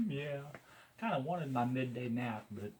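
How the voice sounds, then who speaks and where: A man's voice: mid-range voice, sing-song, slow pace, mellow, slight background noise, low-quality recording. A man with a Missouri accent chatting casually in a video log, rambling and chuckling often. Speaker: vlogger. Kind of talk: casual chat. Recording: guitar music playing behind.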